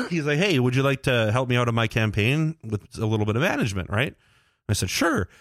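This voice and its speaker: A man's voice: medium pitch, animated, a little fast, a bit bright, dry recording, studio quality. A young man telling long rambling stories on a podcast, swearing often and filling his talk with "like" and "uh". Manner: rambling, profane, many fillers. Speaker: podcast co-host. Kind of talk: casual storytelling chat.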